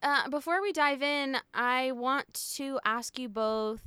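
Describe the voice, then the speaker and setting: A woman's voice: high-pitched, sharp tone, smooth, no room sound. A woman hosting a podcast, chatting casually and upbeat, laughing often, on a close mic. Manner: giggly, upbeat, quick to laugh. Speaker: podcast host.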